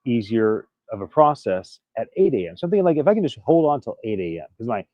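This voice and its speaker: A man's voice: medium pitch, big pitch swings, fast talker, no room sound, dull audio. A man recovering from illness, earnestly telling a personal story to camera in a casual, candid way. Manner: candid, earnest, prone to restarts and little laughs. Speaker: vlogger.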